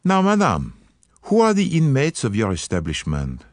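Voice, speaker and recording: A man voicing a fastidious, shrewd older detective in an audiobook, speaking formally, precisely and methodically. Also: mid-range voice, wildly swooping pitch, no room sound, clean studio sound, pitched above the performer's own voice. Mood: measured.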